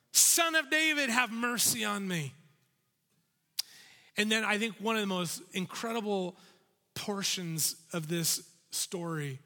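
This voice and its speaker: A man preaching an animated, urgent sermon in a church sanctuary with a reverberant sound. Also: on the high side. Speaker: pastor. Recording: reverberant hall.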